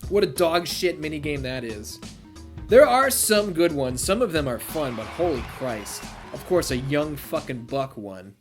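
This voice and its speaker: A man calling his own video game match in let's-play commentary, excitable and profane, shouting at the big moves. His pitch swings all over while he talks, and game music plays behind him. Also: unhurried. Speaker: gaming youtuber.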